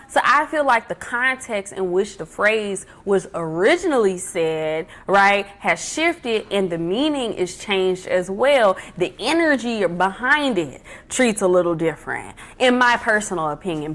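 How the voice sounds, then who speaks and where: A woman's voice: medium pitch, fairly bright tone. A woman hosting a casual livestream from home, giving life advice in an emphatic, chatty way and repeating her key points. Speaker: livestream host.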